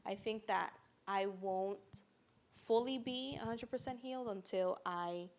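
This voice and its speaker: A woman's voice: medium pitch, a little slow. Earnest woman sharing a personal testimony. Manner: earnest, filler-heavy, fighting back tears at times. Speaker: podcast speaker sharing her story.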